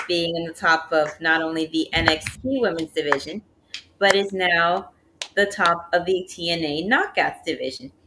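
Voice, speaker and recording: Low-voiced woman recapping steadily. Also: slight background noise, poor audio. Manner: steady matter-of-fact recapping. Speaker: podcast co-host. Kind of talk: casual wrestling recap.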